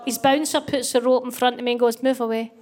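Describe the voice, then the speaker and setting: Against a noisy background, a Scottish woman in middle age does stand-up in a rather high voice at a quick pace. Her storytelling is lively, full of character voices, and she laughs as the punchlines land.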